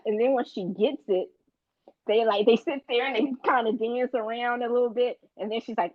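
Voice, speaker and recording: A woman's voice: fairly high pitch, moderate pace, no echo, muffled recording. A woman co-hosting a show review, chatting casually, acting out scenes in playful voices and laughing often. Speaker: podcast co-host reviewing a TV show. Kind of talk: casual chat.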